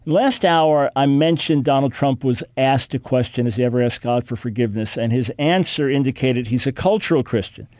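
A man's voice: medium pitch, normal speed, few pauses, darkish tone, no echo. Emphatic male radio host, dry studio. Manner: emphatic, preacherly, repeats key phrases. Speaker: radio talk show host. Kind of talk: talk radio teaching commentary.

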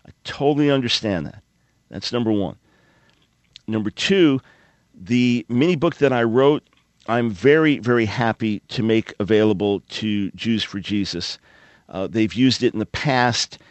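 A man's voice: fairly low pitch, no echo. A man hosting a call-in radio show, teaching from the Bible in an earnest, emphatic and conversational way into a studio microphone. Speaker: radio talk show host.

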